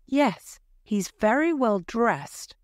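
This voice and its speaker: A woman's voice: on the high side, very animated, slow pace, dry recording, clean studio sound, voice pushed up. A woman voicing an anxious old mother in a storybook reading for learners, with a plain, careful reading voice. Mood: excited.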